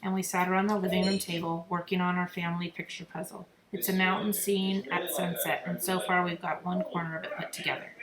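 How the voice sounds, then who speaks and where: A woman reading a children's novel aloud with expressive storytelling. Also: fairly low pitch, fairly quick. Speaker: reader. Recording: roomy echo, crowd murmur behind.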